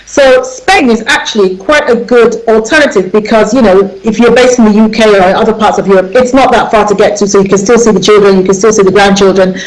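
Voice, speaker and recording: A woman's voice: medium pitch, fast talker, hardly any pauses, low-quality recording. A middle-aged woman hosting a radio talk show, speaking emphatically and turning to her listeners directly.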